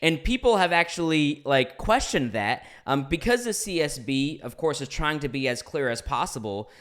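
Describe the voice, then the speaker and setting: A man's voice: on the high side, lively intonation, moderate pace, fairly bright tone. Young man, earnest curious host. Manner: earnest and curious, with fillers and self-corrections. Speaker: podcast host. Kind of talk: interview questions.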